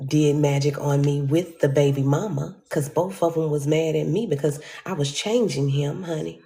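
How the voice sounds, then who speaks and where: Gravelly low-voiced woman telling a story. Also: moderate pace. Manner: animated, acts out quoted voices, addresses viewers as y'all. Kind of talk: casual storytime monologue.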